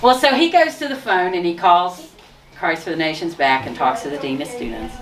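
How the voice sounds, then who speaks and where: A woman telling her personal testimony in a lively way, often laughing and restarting her sentences. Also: fairly low pitch, fairly quick. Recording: distant mic with noise.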